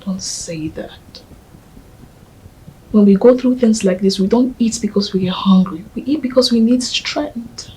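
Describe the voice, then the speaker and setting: An actress with a Nigerian accent playing a young woman softly comforting her grieving partner in a film. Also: medium pitch, a little slow, husky, poor audio. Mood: tender. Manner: gentle, coaxing, often whispering.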